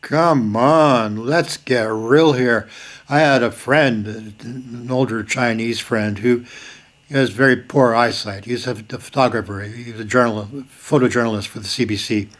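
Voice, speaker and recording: A man's voice: mid-range voice, fairly even intonation, unhurried, a bit bright. Emphatic older man with sudden bursts. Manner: emphatic, repeats key lines, sudden bursts of force. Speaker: video host. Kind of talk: casual spoken commentary.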